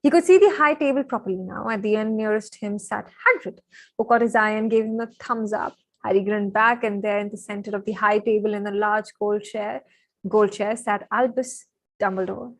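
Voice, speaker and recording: A young woman reading a novel aloud on a live stream. She is excitable and chatty, breaking off often with fillers and apologies. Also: medium pitch, normal speed, dry recording, low-quality recording. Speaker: live-stream book reader.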